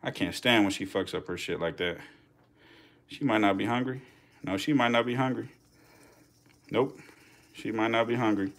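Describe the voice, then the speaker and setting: A young man, giving loud, profane, laughing commentary as a channel host on a casual live stream. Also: fairly low pitch, moderate pace, pauses often. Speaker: channel host feeding snakes.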